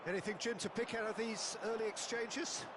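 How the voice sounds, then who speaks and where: Man, football play-by-play commentator, high voice, flowery dramatic calls, loud background noise. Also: a little fast. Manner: flowery, dramatic, bursts into loud excitement at goals. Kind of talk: sports commentary from a video game.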